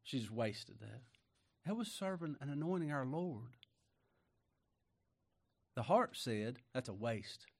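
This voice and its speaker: A man's voice: medium pitch, lively intonation, slow, vocal fry, pauses often. A man preaching a sermon in a folksy, conversational way, often asking the congregation rhetorical questions. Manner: swings between loud emphasis and quiet asides. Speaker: pastor.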